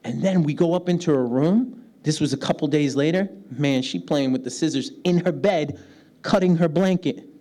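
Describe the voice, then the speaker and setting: A man with a New York accent, a pastor preaching a lively sermon, often laughing and acting out the voices of people he quotes. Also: on the high side, moderate pace. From New York City, United States.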